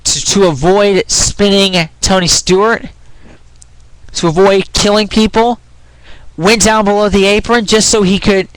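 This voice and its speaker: A man's voice: sits high, fairly even intonation, a little slow, smooth, no echo, low-quality recording. A young man ranting in a frustrated, rambling way, restarting his sentences and swearing, his voice sometimes cracking. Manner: swears while arguing. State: voice cracks when pitch rises. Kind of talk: ranting opinion vlog.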